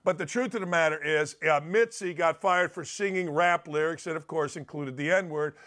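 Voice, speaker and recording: A middle-aged man hosts a sports talk show with a high, reedy voice. He rambles and jokes, jumping between loud outbursts and low muttered asides. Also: normal speed. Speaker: sports radio host. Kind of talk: energetic sports talk monologue.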